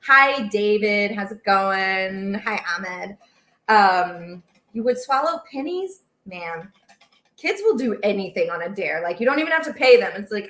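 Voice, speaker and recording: A woman's voice: medium pitch, lively intonation, a little slow, a bit bright. Brief: young woman, chatty livestream baking host, rambling, a roomy echo in the kitchen. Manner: chatty, rambling, reads out viewer comments. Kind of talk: casual live-stream chat while cooking. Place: home kitchen.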